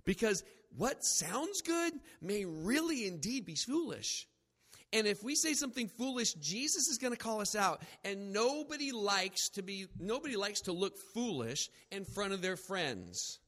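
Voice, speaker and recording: High-voiced preacher in an echoing hall. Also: male voice, unhurried. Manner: animated, acts out quoted voices, self-deprecating jokes. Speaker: pastor. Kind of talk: sermon.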